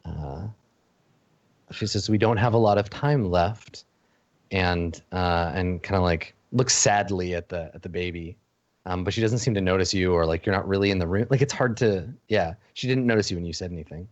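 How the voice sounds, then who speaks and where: A man narrating a tabletop game as game master, halting, with many fillers and restarts. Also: deep voice, no echo. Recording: dull lo-fi dry audio.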